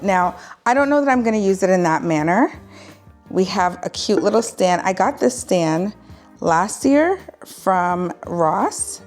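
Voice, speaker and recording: A woman's voice: on the low side, darkish tone. A woman vlogger chatting casually through a home decor haul, rambling and correcting herself as she goes.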